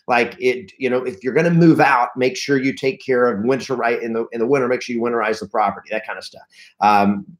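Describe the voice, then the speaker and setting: Man, mid-range voice, live-stream coach, energetic, storytelling, repeats words. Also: medium pitch, a little fast. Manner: energetic, storytelling, acts out panicked reactions; restarts and repeats words often. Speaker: real estate trainer.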